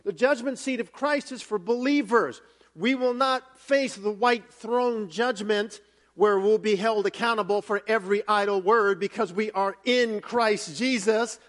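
A male pastor giving a sermon, telling a story in an animated way with many restarts and fillers. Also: high voice, a little slow.

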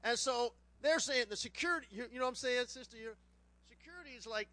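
A middle-aged man, a pastor preaching a sermon, who tells funny stories with lively voices mixed into his teaching. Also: very high voice, fast, no echo. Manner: animated, humorous storyteller who puts on voices. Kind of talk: sermon with a personal anecdote.

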